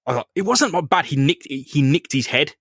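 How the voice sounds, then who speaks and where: A man's voice: fairly high pitch, lively intonation, brisk, fairly bright tone, husky, no echo, studio quality. Laughing man retelling a comic. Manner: laughing often, acting out characters in bursts. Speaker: podcast co-host. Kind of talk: casual comic chat.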